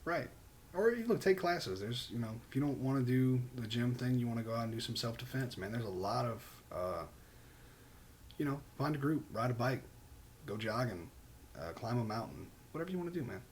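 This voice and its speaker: A man's voice: medium pitch, animated, brisk, slight background noise. A man co-hosting a podcast in casual chat, laid-back and jokey, often saying "man" and laughing. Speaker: podcast co-host.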